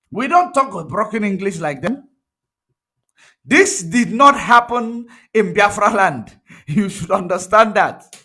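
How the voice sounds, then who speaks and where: A man's voice: sits high, pushed and bright. A man with a Nigerian accent giving an emphatic political commentary monologue, repeating points for effect. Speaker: online commentator.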